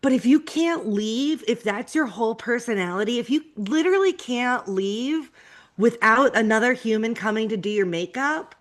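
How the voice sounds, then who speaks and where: A woman from New Orleans co-hosting a reality TV recap podcast, chatting casually with quick, emphatic asides. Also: fairly high pitch, lively intonation. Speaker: podcast co-host.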